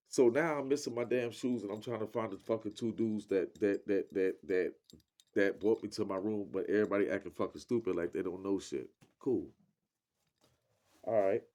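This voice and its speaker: A man telling a personal story in a casual, profane, animated way, acting out the lines of other people. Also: lowish voice.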